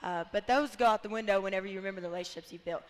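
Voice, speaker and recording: Speaking at a racing pace in a casual radio interview at a bar and grill, a young woman basketball player talks from the heart and is at times near tears. Her voice is medium-pitched, with a long reverb tail.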